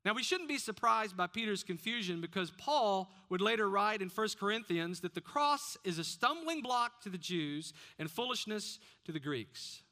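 A man's voice: high voice, expressive, moderate pace, few pauses, bright, forceful tone. A man preaching a sermon as pastor, often putting questions to the congregation.

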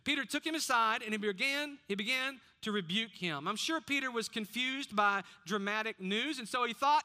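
A man's voice: extremely high pitch, normal speed, few pauses, sharp tone. A man preaching a sermon as pastor, often putting questions to the congregation.

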